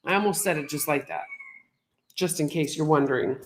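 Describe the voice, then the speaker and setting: A woman's voice: sits low, a little fast, slight background noise. A middle-aged woman co-hosting a livestream, chatting casually and reading out viewer comments. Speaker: co-host of a livestream show. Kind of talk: casual chat.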